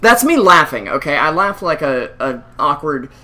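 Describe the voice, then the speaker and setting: A man's voice: on the high side, big pitch swings, normal speed, pushed and bright. A male esports caster in casual chat, self-deprecating, breathing heavily into a close mic. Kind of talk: casual chat between game commentary.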